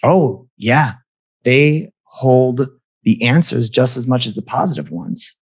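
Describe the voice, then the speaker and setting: A man's voice: mid-range voice, lively intonation, takes it slowly, slightly rough. A man talking as a guest in an earnest, reflective conversation, restarting phrases as he thinks aloud.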